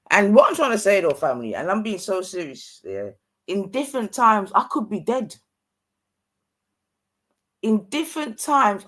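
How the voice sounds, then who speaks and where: A man's voice: a little high, a bit bright. A young man, ranting in heated casual talk with street slang, exasperated and repetitive. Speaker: streamer.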